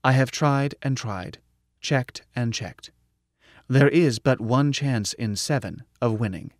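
A man's voice: mid-range voice, takes it slowly, no room sound, studio quality. A man reading an audiobook, voicing a polite, earnest male computer mind that speaks formally and precisely. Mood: apologetic. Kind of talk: audiobook narration.

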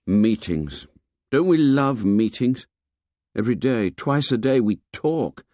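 A weary, frustrated boy leader, as a male narrator puts him on with a lifted, youthful pitch. He complains and reasons in an exasperated way, with a lively, rising and falling delivery. The sound is dry and close. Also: slow pace, no room sound.

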